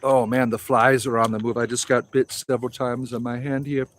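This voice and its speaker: A man's voice: mid-range voice, level tone, brisk, slight background noise. A man in his forties hosting a casual livestream outdoors, rambling through viewer comments and swearing freely. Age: 40s. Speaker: livestream host.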